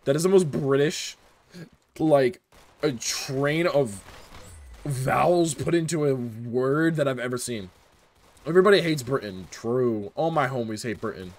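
A man's voice: mid-range voice, a little slow. A young man streaming a game live, chatting casually and joking as he reads his chat aloud. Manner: animated, jokey, reads chat aloud, often laughs.

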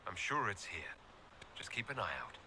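An actor voicing a male fantasy game adventurer, calm and matter-of-fact, heard as game audio. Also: fairly low pitch, moderate pace, background noise. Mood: searching.

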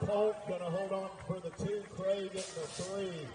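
A man announcing a race live, rattling off riders' names and positions in a rapid-fire call. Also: high voice, steady tone, a crowd in the background, noisy background. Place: outdoor race track over loudspeakers. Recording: echoey loudspeaker heard from far off.

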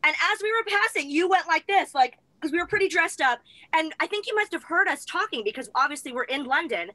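High bright flustered American woman. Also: lively intonation, brisk, no room sound. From United States. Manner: gushing, flustered fan. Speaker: co-host. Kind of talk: excited casual chat.

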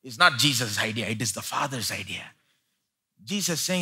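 A man with an Indian English accent preaching a live sermon in church, moving between loud emphatic peaks and quiet low asides. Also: animated, normal speed, breathy edge. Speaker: pastor.

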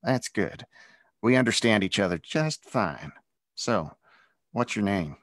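A man's voice: on the low side, expressive, slow, no room sound, clean studio sound. A man reading a storybook aloud and voicing a tall teenage bully who sneers and threatens a new boy at school. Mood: sneering menacing. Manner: sneering, menacing, mocking.

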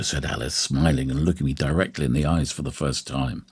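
A man reading a novel aloud as an audiobook narrator, in a measured storytelling manner. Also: extremely low pitch, fairly even intonation, breathy edge. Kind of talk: scripted narration.

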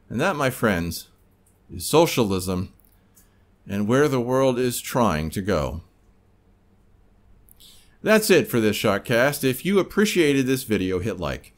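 A man's voice: lowish voice, big pitch swings, slow pace, long pauses. A man hosting a commentary podcast, talking in a conversational, editorializing way. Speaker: podcast host.

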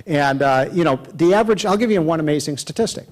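A man's voice: a little high, lively intonation, fast, a little mellow. A man giving a public speech who rambles through an anecdote, filled with "you know" and restarts. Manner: folksy, rambling, many fillers. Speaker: guest speaker.

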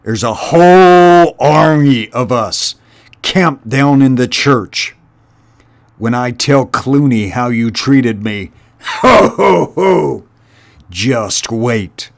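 A man's voice: medium pitch, animated, drawn-out words, gravelly, exaggerated voice. A man voicing an abusive, raging male rat villain in a storybook reading, snarling and cackling.

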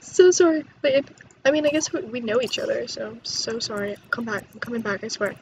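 A young woman chatting excitedly while playing a life-sim game, quick to gasp and exclaim. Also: a little high, noisy background. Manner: excitable, chatty, gasps and laughs. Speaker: gaming YouTuber. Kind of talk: let's play commentary.

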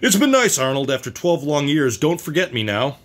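A man doing a loud hearty scheming husband. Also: a little high, very animated, moderate pace. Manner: hearty, emphatic, pushy. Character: brash scheming middle-aged husband.

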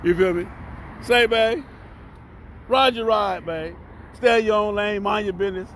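A fifty-one-year-old man with a Southern US accent ranting casually to camera from a cheap hotel room, loud and profane, swinging between shouting and mumbling. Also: high voice, unhurried, slight background noise. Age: 50s. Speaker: vlogger and podcast host. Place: cheap hotel room near train tracks.

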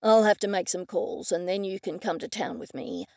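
Female reader as a cool male cop, clipped and deadpan, close and dry. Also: medium pitch, normal speed, no echo, pitched below the performer's own voice, close to an everyday voice. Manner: curt, deadpan.

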